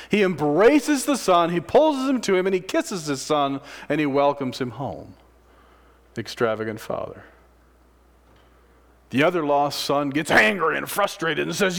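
Dramatic preacher man, loud then hushed. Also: a little high, very animated, unhurried, gravelly. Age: adult, a father of sons. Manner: dramatic, swinging from loud exclamation to hushed near-whisper; asks many rhetorical questions. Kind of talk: sermon.

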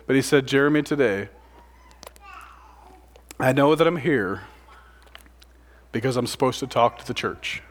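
A man preaching a sermon, retelling another man's story in his words, swinging between loud passages and near-whispers. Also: medium pitch, measured pace, long pauses. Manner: dramatic, swings from loud to hushed.

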